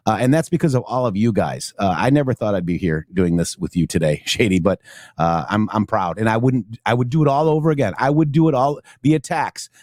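A man's voice: lowish voice, brisk, darkish tone, no room sound, clean studio sound. A man co-hosting a live talk show, chatting casually and loosely, reading out viewer comments as he goes. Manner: loose, rambling, reads viewer comments aloud.

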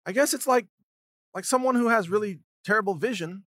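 A man's voice: sits high, brisk, a bit bright, no room sound. Indignant man ranting, close and dry. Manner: indignant, sarcastic, acts out mocking hypothetical dialogues. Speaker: commentary podcast host. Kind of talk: solo commentary monologue.

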